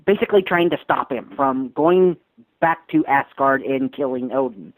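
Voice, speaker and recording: A man's voice: medium pitch, moderate pace, no room sound, low-quality recording. A young man co-hosting a casual podcast, easygoing, with short replies and frequent laughs. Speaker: podcast co-host.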